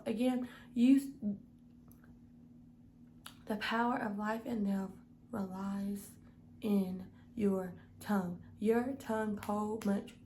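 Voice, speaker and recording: A woman's voice: on the high side, mellow, a little hiss or hum, rough recording. A young woman giving a casual devotional Bible study, earnest and often checking in with "okay?". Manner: earnest, repeats "okay?" to the listener.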